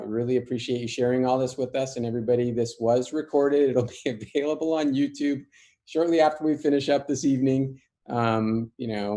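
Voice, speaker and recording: A man's voice: medium pitch, dark tone. A man hosting an online conference, thanking the speaker and responding with short appreciative reactions. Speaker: host.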